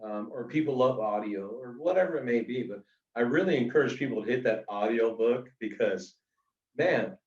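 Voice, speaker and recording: A middle-aged man telling anecdotes in a casual, animated way, full of fillers, as an author being interviewed. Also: medium pitch. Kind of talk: casual storytelling. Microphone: video call. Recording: roomy, distant, dull video call audio.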